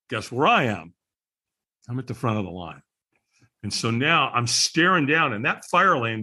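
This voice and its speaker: Guy on a podcast telling a story, voice bouncing all over, kinda husky. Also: medium pitch. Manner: lively storyteller who acts out quoted people. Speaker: podcast guest. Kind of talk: animated storytelling.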